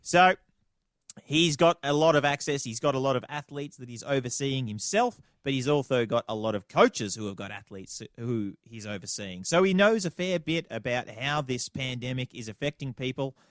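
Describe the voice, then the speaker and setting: A man's voice: mid-range voice, animated, normal speed, fairly bright tone, no room sound, clean studio sound. A man with an Australian accent co-hosting a podcast, bantering in a playful, mock-serious way. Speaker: podcast co-host. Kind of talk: casual comedic podcast chat.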